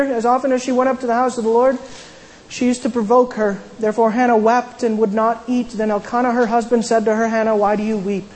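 A woman's voice: on the high side, a little mellow, big-room sound, low-quality recording. A woman casually retelling a Bible story as a sermon, with conversational asides and frequent restarts. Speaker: Bible teacher.

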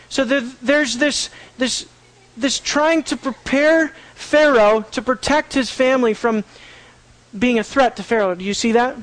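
A man's voice: very high voice, a little slow, no echo, rough recording. A man teaching a sermon, reading scripture aloud and asking his listeners rhetorical questions. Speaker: Bible teacher.

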